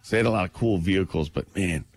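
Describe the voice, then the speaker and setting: A man co-hosting a show, telling excitable stories in casual banter. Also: deep voice, quick pace, soft background music. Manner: excitable, tells stories with "dude". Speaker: radio show co-host.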